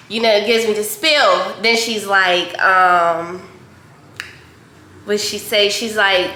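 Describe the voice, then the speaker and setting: A young woman from Pittsburgh chats to her viewers in a bright, slightly high voice while she cooks, animated as she tells her story. The kitchen sounds roomy and echoey, with a faint hiss of noise behind her. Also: measured pace. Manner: chatty, animated, talks to viewers as "y'all". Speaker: vlogger and hairstylist. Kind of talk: casual storytelling vlog while cooking. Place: home kitchen.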